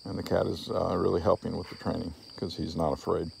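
Low gravelly-voiced man training a dog. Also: fairly quick, slight background noise. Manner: calm explaining, breaking into coaxing calls to the dog. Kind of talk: explaining a training session on camera.

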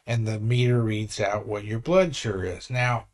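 A man's voice: fairly low pitch, moderate pace. A man in his sixties, a vlogger telling a story in an earnest, rambling way with frequent restarts. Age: 60s. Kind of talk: casual vlog talk.

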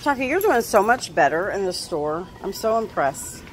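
A woman's voice: big pitch swings, normal speed, a little hiss or hum. A woman vlogging a trip to a pet store, talking cheerfully to her dogs and her viewers. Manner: cheerful, fond, talks to her dogs in a high voice. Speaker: vlogger, dog owner. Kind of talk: casual pet vlog narration.

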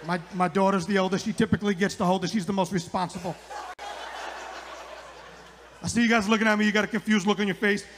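A man's voice: high-pitched, steady tone, fast talker, pauses often, fairly bright tone, a faint crowd, slight background noise. A middle-aged man doing a rambling stand-up comedy set on a club stage, repeating his lines for the punch.

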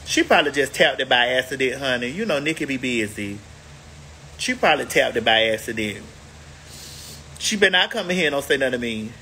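A woman's voice: a bass voice, animated, a little fast, sharp tone, a little hiss or hum. A woman hosting a casual livestream, chatting to viewers in a sassy, emphatic way, stretching words out for effect. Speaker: livestream host.

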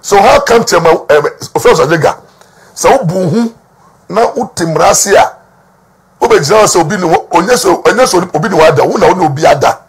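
A man's voice: high voice, expressive, fast, slightly rough. A man with a Ghanaian accent giving emphatic gossip news commentary, repeating words for stress and mixing Twi with English. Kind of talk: talking-to-camera gossip commentary.

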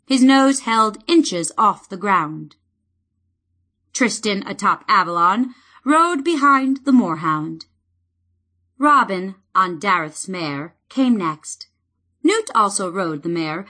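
Woman reading a fantasy book out loud, slow and unhurried, bright voice with lots of lilt. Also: mid-range voice. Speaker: audiobook narrator. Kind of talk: fantasy novel narration.

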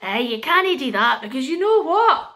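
A woman voicing a fretful old wise woman from a storybook with a Scottish accent, rushing out high, breathless protests. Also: very animated, bright, forceful tone, full character voice. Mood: anxious.

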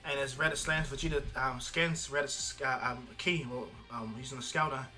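A man's voice: medium pitch, steady tone, moderate pace, bright, forceful tone, soft background music. A man casually telling a homemade fan story, rambling with many restarts and fillers. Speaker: fan storyteller, channel host.

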